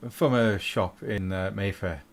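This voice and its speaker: A man voicing a polite French gentleman mage with a French accent, speaking courteously and a little hesitantly. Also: sits low, measured pace.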